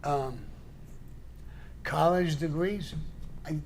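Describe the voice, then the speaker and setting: A man's voice: fairly high pitch, extremely slow, a little mellow, slight background noise. An older man telling stories in a blunt, profane way and acting out the people in them, on a casual live show. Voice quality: gravelly. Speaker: show guest storyteller. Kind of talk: casual storytelling.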